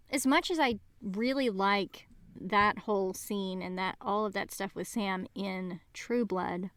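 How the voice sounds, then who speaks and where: Podcast co-host, woman, higher voice, dry close-miked sound; lively storyteller in casual chat. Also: no echo. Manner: animated, chatty storyteller. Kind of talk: casual book-club chat.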